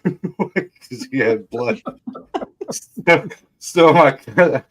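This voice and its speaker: A man's voice: mid-range voice, expressive, drawn-out words, pauses often, a bit bright. A man telling a wild family story in casual chat, laughing often, swearing freely and mimicking the people he quotes. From Texas. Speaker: guest storyteller.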